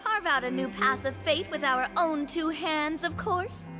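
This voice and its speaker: A woman voicing a bold young female adventurer in a game, talking in a calm, wry, reassuring way. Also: high-pitched, unhurried, music in the background. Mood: steady.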